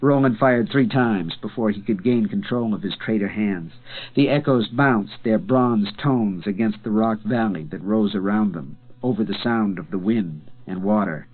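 A man reading a novel aloud in a measured, dramatic narration with slow pauses. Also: lowish voice, soft background music. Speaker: audiobook narrator. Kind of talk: scripted narration. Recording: tinny phone-like sound.

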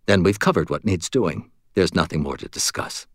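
A man's voice: low-pitched, animated, moderate pace, dry recording, studio quality. Man doing a hard-edged ex-cop woman. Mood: cold. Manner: firm, clipped and intense. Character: tough blunt woman ex-cop, hard and determined.

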